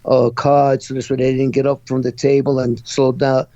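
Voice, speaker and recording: Middle-aged new guy, gravelly voice, dry close sound, stops and restarts a lot. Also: mid-range voice, little pitch movement, warm tone, no echo, muffled recording. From Brooklyn, New York. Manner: halting, restarts often, many fillers. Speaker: guest. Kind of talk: personal testimony in an interview.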